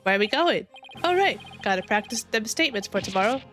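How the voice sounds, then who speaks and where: A woman's voice: medium pitch, expressive, fast, a bit bright, soft background music, close to an everyday voice. A woman reading a nervous, bumbling male lackey from a game, hesitant and stammering. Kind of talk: fan voicing of game dialogue.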